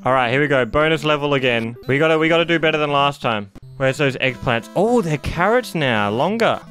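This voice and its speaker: Excitable man doing game commentary. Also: a little high, fairly quick, soft background music. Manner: excitable, jokey, talking to himself while playing. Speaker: gaming YouTuber. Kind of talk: let's-play commentary.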